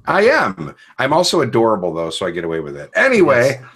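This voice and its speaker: A man hosts a relaxed podcast chat. He jokes freely and teases the group with playful energy. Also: medium pitch, fast talker, slightly rough. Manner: playful, joking, animated. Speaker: podcast host.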